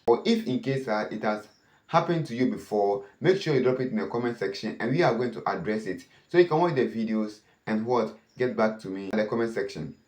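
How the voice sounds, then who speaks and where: A man's voice: on the low side, expressive, a little fast, a little mellow. Echoey man asking himself "what?". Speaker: host of a cyber safety channel. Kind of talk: warning talk to camera. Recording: echoey room.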